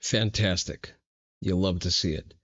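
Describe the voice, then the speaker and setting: A man's voice: low voice, fairly even intonation, measured pace, a bit bright, husky, dull audio, faint music behind. A man streaming and reacting to videos with dry, mocking asides. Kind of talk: sardonic live reaction commentary.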